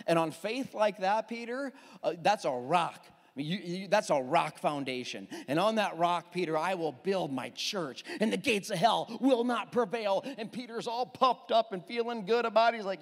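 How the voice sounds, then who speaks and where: A man preaching a sermon as pastor, emphatic and animated, with quick asides to the congregation. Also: high-pitched, in a large hall.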